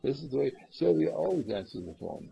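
Gravelly guy with a mellow low voice, rambling spiritual talk to a group, lots of uhs. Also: fairly quick, low-quality recording. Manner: acts out callers in lively higher voices; rambling, earnest, with many fillers. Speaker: spiritual teacher.

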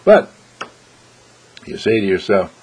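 A man's voice: lowish voice, very animated, takes it slowly, a little mellow, breathy edge, rough recording. A man hosting an inspirational program, speaking in an earnest, preacherly way and acting out everyday exchanges to make his points. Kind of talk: inspirational radio talk.

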